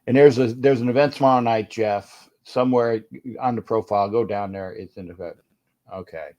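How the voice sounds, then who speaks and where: A man's voice: lowish voice, fairly even intonation, normal speed, mellow, muffled recording. A man hosting a casual livestream from home, grumbling and irritated, often repeating and restarting his phrases. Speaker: livestream host.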